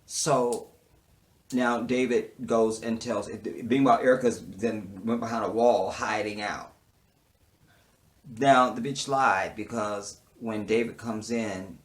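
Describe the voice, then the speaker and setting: A man casually reviewing a TV episode, sassy and blunt, swearing freely and swinging from murmured asides to loud outbursts as he acts out the characters' lines. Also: fairly low pitch, fairly even intonation, slow pace. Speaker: TV show reviewer. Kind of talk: casual, animated recap with quoted dialogue.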